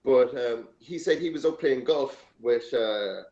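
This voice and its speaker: Speaking at a measured pace, an Irish man from Ireland hosts a podcast in a warm, medium-pitched voice and an Irish accent. His casual chat wanders from anecdote to anecdote, peppered with free swearing, all captured in an echoey, lo-fi room with a dull sound.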